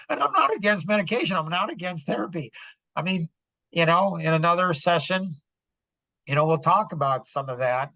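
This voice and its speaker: Bright, earnest middle-aged man. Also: fairly high pitch, dry recording. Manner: earnest, rambling, heavy on "like" and "you know". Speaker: podcast speaker. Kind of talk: personal storytelling monologue.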